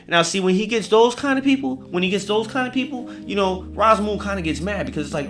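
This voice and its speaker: A man's voice: high voice, animated, quick pace, hardly any pauses, a bit bright. A man hosting a podcast, telling a comedic horror story in a rambling, profane way and talking to listeners directly. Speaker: podcast host.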